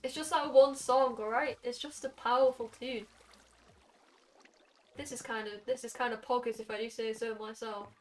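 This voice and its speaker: A young woman in her late teens with a Welsh accent, chatting casually with her stream chat while gaming and throwing in quick asides. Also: fairly high pitch, fairly even intonation. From Wales. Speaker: game streamer. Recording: somewhat distant mic with faint music.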